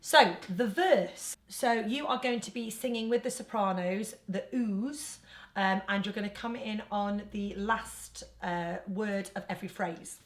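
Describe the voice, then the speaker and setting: A woman's voice: medium pitch, a little slow. A woman with an English accent leading an online choir lesson, explaining each part in a chatty, teaching way. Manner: chatty teaching, breaks into singing phrases. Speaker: choir leader. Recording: roomy sound over backing music.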